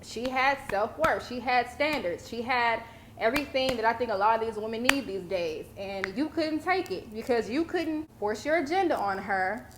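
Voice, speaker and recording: A woman's voice: a little high, animated, normal speed. A young woman. She is sassy, blunt and freely profane. A faint hiss of noise sits under the recording. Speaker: vlogger commentator. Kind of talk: casual commentary.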